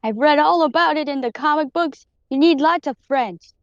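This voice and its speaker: Woman voicing small earnest kid, high-pitched and dry, muffled line. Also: normal speed, dry recording. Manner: high, eager child voice. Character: sweet little girl, earnest and comforting.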